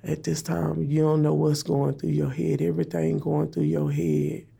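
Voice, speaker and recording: A woman's voice: low-pitched, level tone, normal speed, creaky, warm tone, breathy edge. A woman telling an emotional personal story in plain, repeated phrases, speaking her prayers aloud.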